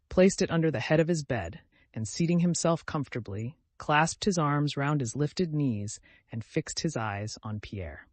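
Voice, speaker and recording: A man narrating an audiobook in a measured, steady storytelling manner, close to the mic. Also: mid-range voice, no echo. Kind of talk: scripted narration.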